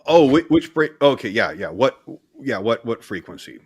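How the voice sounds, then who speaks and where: A man's voice: mid-range voice, sing-song, normal speed, breathy edge, no echo. An American man co-hosting a live-stream hypnosis chat, joking and reading out viewer questions. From United States. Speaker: hypnotist co-host.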